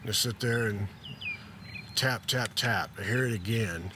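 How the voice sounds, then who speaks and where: A man's voice: lowish voice, fairly even intonation, moderate pace, background noise. A laid-back man telling a story in a casual style, reading passages from a memoir and laughing at his own attempts at the characters. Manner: laid-back and self-deprecating, laughing as he reads.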